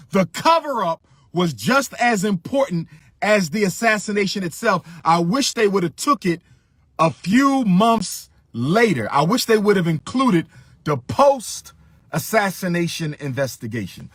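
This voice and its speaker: Husky-voiced man repeating his points. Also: high-pitched, big pitch swings, a little slow, fairly bright tone, no room sound, studio quality. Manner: emphatic, repeats phrases for stress. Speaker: commentator. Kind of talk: impassioned commentary.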